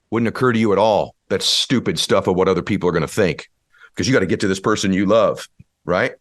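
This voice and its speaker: A man's voice: low-pitched, fast talker, no room sound, studio quality. A man giving a motivational speech, driving his point home with emphatic, repeated rhetorical questions. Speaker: motivational speaker.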